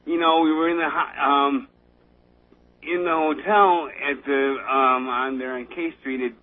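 A man's voice: medium pitch, steady tone. Man talking over a tinny phone line. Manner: rambling, halting, emotional, prone to nervous laughter. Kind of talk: casual political chat.

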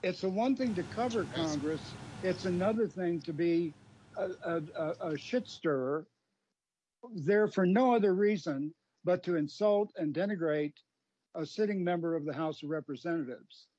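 A husky man on talk radio, measured and asking questions. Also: high voice, warm tone.

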